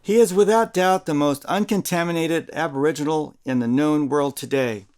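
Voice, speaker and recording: A man narrating a nonfiction audiobook in a measured, deliberate reading, spelling out names letter by letter. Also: mid-range voice, smooth.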